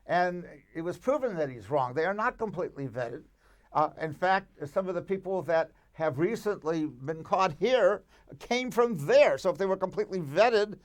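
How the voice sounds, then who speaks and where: A man, a rabbi guest in a conversational interview, speaking emphatically and arguing with rhetorical questions. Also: sits high.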